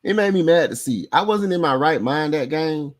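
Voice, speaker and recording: A man hosting a sports talk stream from home, running loose and animated on heavy slang. He keeps circling back to the same phrases, and his pitch jumps up high when he gets worked up. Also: moderate pace. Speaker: podcast host. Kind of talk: casual sports talk livestream. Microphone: new desk microphone setup.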